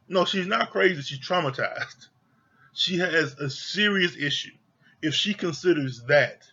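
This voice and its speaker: A man's voice: a little high, bright, forceful tone, breathy edge, dull audio. A man giving a casual, blunt TV review rant, swearing freely and sounding exasperated. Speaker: reality TV reviewer.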